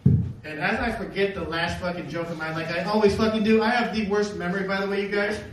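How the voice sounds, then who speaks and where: A man doing a rambling, self-deprecating stand-up set, swearing often and throwing in quick asides, on a comedy club stage. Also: high voice, steady tone, far from the mic. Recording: echoey club, heard from afar, noisy. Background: audience laughter.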